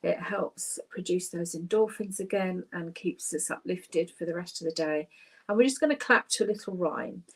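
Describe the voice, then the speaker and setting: A woman's voice: lowish voice, moderate pace, breathy edge, poor audio. Cheerful British woman leading a class. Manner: cheerful, chatty, with frequent ums. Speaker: laughter yoga leader. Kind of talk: online class instruction.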